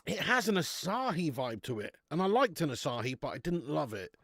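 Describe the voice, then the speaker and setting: A man's voice: a little high, sing-song, brisk, a bit bright, no echo, studio quality. A young man chatting casually on a live stream, reviewing beer, bantering with viewers and swearing now and then.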